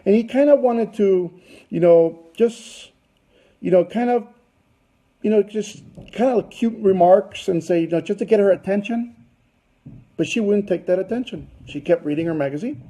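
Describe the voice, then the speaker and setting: A man tells a rambling story to a business audience in a fairly high, husky voice. His tone is mellow rather than bright, and his telling is loose and chatty, full of fillers and asides. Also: moderate pace, rough recording. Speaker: business presenter.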